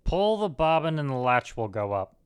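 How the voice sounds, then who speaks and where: A man voicing a sly wicked wolf in a storybook reading, with a low hushed murmur. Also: very animated, normal speed, smooth. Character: sly wicked male wolf feigning gentleness.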